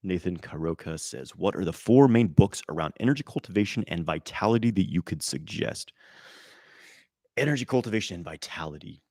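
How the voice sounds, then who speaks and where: Deep-voiced guy doing a live q&a, rambly and animated, swears a lot, dry sound. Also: brisk, no room sound. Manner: loose and animated, swears, many fillers and restarts. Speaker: qigong teacher answering live chat questions. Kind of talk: casual live-stream Q&A.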